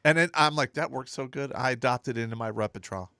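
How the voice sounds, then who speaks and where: A middle-aged man on a casual talk show, blunt and profane, telling animated stories about his days in the army. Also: medium pitch, fast, clear, resonant tone, no echo. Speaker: podcast co-host.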